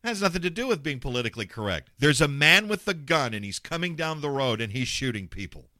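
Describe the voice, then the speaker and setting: A man's voice: fairly high pitch, wildly swooping pitch, fairly quick, sharp tone, no echo, clean studio sound. A man hosting a talk radio show, ranting bluntly and sarcastically with plenty of swearing. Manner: mocks callers in put-on voices.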